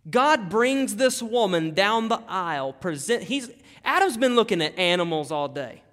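A man's voice: high voice, very animated, normal speed, fairly bright tone. A male pastor preaching a sermon, emphatic and dramatic, repeating key phrases. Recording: long hall reverb.

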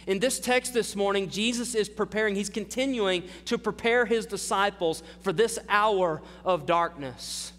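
High-voiced male pastor preaching in a hall. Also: a bit bright. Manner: earnest preaching, rising in force when quoting scripture. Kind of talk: sermon.

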